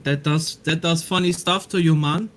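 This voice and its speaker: A man's voice: on the high side, fairly even intonation, normal speed, fairly bright tone, soft background music. Teasing man, native German speaker. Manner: teasing, laughs often. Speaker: player. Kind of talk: casual tabletop game chat.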